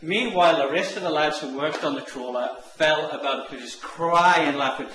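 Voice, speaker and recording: A man telling a long comic anecdote, animated and acting out the characters' lines. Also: moderate pace. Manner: animated, acts out the characters' lines in higher voices. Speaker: online marketing presenter. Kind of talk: storytelling anecdote. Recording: echoey room with faint noise.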